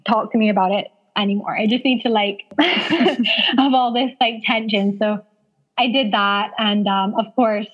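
A woman's voice: mid-range voice, a little slow, fairly bright tone. A woman in her thirties telling a personal story as an interview guest, chatty, using lots of "like" fillers and laughing often. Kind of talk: casual storytelling. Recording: dull lo-fi sound.

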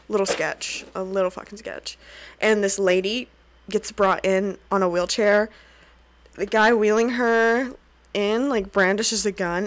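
A woman hosting a casual solo podcast, recapping a TV episode in an animated, sweary way and often breaking into laughter and rants. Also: mid-range voice, no echo.

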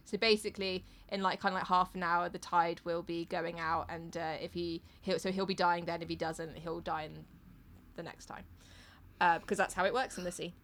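A woman's voice: fairly low pitch, level tone, brisk, fairly bright tone. Chatty woman recapping a novel. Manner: chatty, swears, acts out quotes in funny voices. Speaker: podcast co-host recapping a novel. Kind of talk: casual chat.

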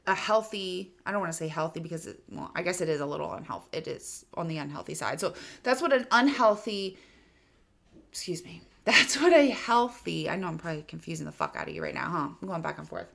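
A woman's voice: fairly low pitch, expressive, brisk, creaky, fairly bright tone. A woman, about in her thirties, giving casual self-help advice straight to the listener, frank and swearing now and then. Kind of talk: direct-to-camera advice talk.

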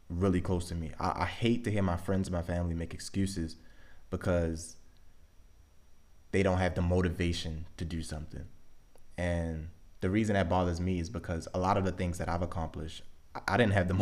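A young man with a Baltimore accent hosting a casual solo podcast, talking things through in a relaxed, conversational way with plenty of "like" and "um". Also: deep voice, normal speed. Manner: relaxed, conversational, thinks aloud with frequent "like" and "um". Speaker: podcast host.

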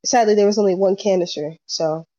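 A young woman telling a story in casual chat, acting out what people said, animated. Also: mid-range voice, brisk, dry recording. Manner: animated storyteller, acts out quotes. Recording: dull lo-fi sound.

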